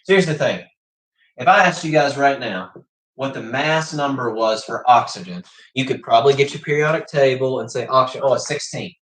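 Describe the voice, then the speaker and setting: A man's voice: medium pitch, moderate pace, a bit bright. A man teaching a livestreamed chemistry class, chatty and often checking in with "okay?". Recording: echoey room.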